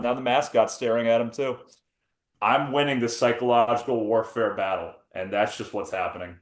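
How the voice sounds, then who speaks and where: A man's voice: lowish voice, reverberant. A man co-hosting a podcast in casual chat, rambling and joking with plenty of swearing. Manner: rambling, jokey, swears freely. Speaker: podcast co-host.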